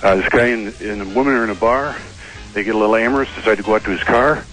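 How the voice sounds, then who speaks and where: A man's voice: fairly low pitch, very fast, a bit bright, faint music behind, poor audio. A man calling into a radio show, telling a bawdy joke in a matter-of-fact way. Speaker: radio caller.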